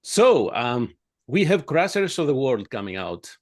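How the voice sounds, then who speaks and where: A man hosting a casual interview over a video call, with a groggy early-morning voice and a friendly, relaxed manner. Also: medium pitch, measured pace. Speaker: interviewer, podcast host.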